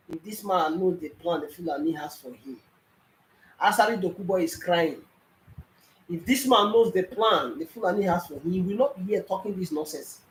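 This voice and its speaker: A man's voice: high voice, moderate pace, a bit bright, slight background noise. A man with a Nigerian accent reacting to a clip with angry, mocking commentary. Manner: scornful, mocking, insulting. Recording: roomy echo.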